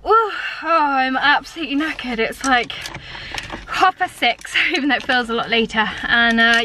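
Brisk and slightly high-voiced, this young lifestyle vlogger talks to camera over some background noise. Her casual vlog chat is giggly and rambling, full of self-mockery.

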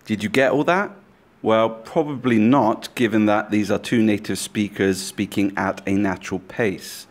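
A man teaching a language lesson in scripted narration, giving slow, clear explanations and carefully sounding out foreign phrases. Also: on the low side.

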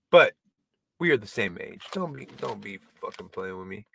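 A man's voice: medium pitch, very animated, moderate pace, gravelly, a bit bright, breathy edge, no room sound. A man doing a casual stand-up monologue to camera, rambling and self-deprecating, swearing and stumbling over restarts. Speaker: comedian and video creator.

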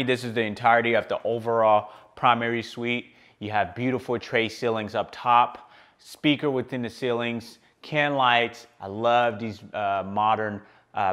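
A man's voice: lowish voice, a bit bright. A man working as a real estate agent, walking through a large home on a tour and praising each room with frequent fillers. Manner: enthusiastic, lots of fillers and repeated praise. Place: large furnished home, indoors.

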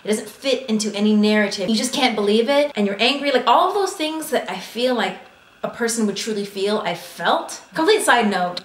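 A woman talks through her monthly favorites in a casual vlog, animated and chatty, acting out her own reactions as she goes. Her voice sits at a middle pitch, and the room around her gives it a noticeable echo. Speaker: vlogger.

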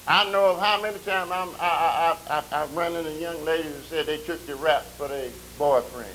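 A male pastor preaching a sermon, drawing out scripture readings slowly and swelling loud, with colloquial asides and questions to the congregation. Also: a little high, poor audio. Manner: colloquial, calls and responses to the congregation. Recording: faint tape hiss.

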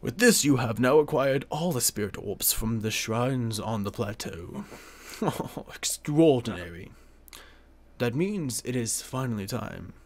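A man reading out a solemn old male spirit in a slow, hushed, breathy voice. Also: mid-range voice, animated, slight background noise.

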